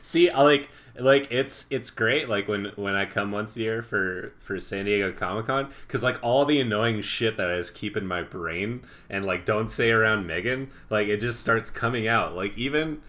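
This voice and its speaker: A man's voice: fairly low pitch, moderate pace, few pauses, fairly bright tone. A young man co-hosting a podcast, chatting casually and rambling, laughing easily. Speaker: podcast co-host. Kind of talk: casual chat.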